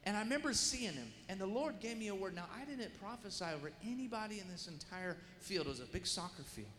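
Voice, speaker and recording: Animated man preaching in an echoey hall. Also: high-pitched, fast. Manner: animated storyteller with acted-out voices and sound effects. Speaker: guest preacher. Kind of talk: storytelling sermon. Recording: echoey hall with faint room noise.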